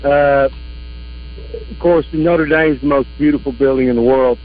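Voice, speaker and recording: A man's voice: medium pitch, fairly even intonation, unhurried. A man calling in to a radio show, friendly and casual, calling the host brother. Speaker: caller. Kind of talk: phone-in chat. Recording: tinny phone line.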